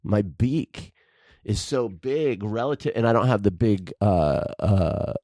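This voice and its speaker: A man's voice: on the low side, animated, takes it slowly, dark tone, no echo, studio quality. A man co-hosting a podcast in casual chat, hesitant and self-deprecating, often restarting his sentences. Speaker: podcast co-host.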